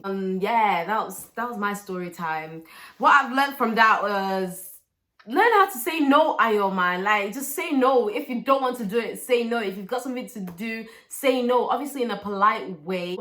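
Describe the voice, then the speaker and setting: Young adult woman; casual vlog storyteller who acts out quotes and drops into hushed asides. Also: medium pitch. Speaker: vlogger.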